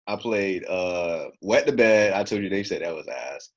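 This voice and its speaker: A man's voice: low voice, normal speed. Profane young man telling a story. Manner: profane, animated storytelling with acted quotes. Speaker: podcast co-host. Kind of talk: casual storytelling chat.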